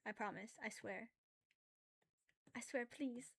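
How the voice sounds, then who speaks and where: A woman with a notably high voice talks to her viewers while she draws on stream. Her tone is casual and conversational, and she rambles easily between comments on her work. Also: takes it slowly, gravelly, husky. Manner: loud, animated ranting, then quiet and apologetic; chatty and self-aware, with filler words and laughs. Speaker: drawing streamer. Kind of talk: casual livestream chat while drawing.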